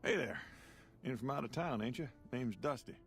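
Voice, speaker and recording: A folksy small-town local in a video game, speaking in a slow Southern drawl at an ordinary middle pitch. Faint music plays under the game audio. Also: male voice, slightly rough. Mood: friendly. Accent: American Southern. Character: folksy rural townsman Dusty, wary of strangers.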